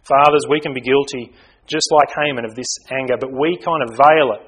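A man preaching a sermon in an earnest way, swinging from loud emphasis down to quiet, low asides. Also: steady tone, fairly quick, slightly rough, low-quality recording. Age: young adult to middle-aged.

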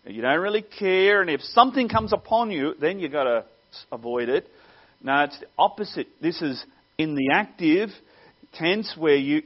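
Male preacher, earnest teaching tone, slightly high pitch, muffled lo-fi sound. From Australia. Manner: earnest teaching with wry laughs. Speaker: pastor. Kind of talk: sermon. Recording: dull lo-fi sound.

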